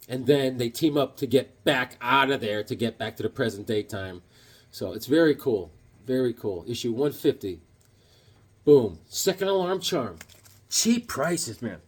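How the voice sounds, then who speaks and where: A middle-aged man chatting casually about his comic books, an animated storyteller who acts out voices as he goes. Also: mid-range voice, measured pace, breathy edge. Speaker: comic book vlogger. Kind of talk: casual show-and-tell chat.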